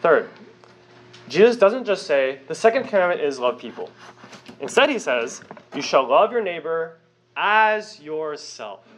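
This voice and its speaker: Lively high-voiced young male preacher. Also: unhurried. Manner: emphatic, rhetorical questions, conversational asides. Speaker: pastor. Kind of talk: sermon.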